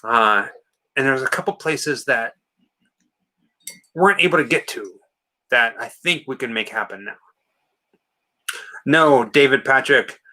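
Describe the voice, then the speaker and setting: A man's voice: mid-range voice, lively intonation, measured pace, pauses often, sharp tone. A man co-hosting a late-night movie watch-party stream, chatting casually and reading out viewer comments before answering them. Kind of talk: casual live-stream chat.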